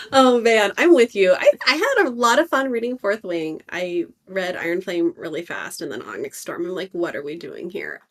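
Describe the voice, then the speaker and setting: Woman, podcast co-host, animated and lively pitch, chatty opinionated banter. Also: normal speed, few pauses. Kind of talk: casual chat.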